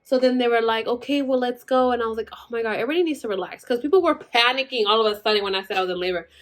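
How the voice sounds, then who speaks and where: A woman's voice: a little high, racing. Chatty young woman telling a story. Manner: chatty, full of "like" and acted-out quotes. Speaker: vlogger telling her birth story. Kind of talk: casual storytelling.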